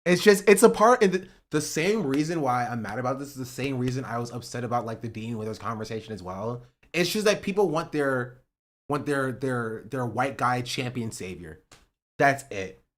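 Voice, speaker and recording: A man ranting on a livestream about politics. He swears, says "bro" and repeats himself, swinging between loud outbursts and muttering. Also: mid-range voice, expressive, normal speed. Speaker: streamer. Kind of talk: heated political rant on a livestream.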